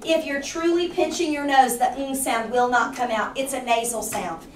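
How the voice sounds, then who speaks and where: A woman teaching a third grade spelling lesson, asking the class question after question and slowing down to explain each rule. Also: sits high. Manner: patient, questioning, slows down to explain. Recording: roomy, distant, noisy classroom recording.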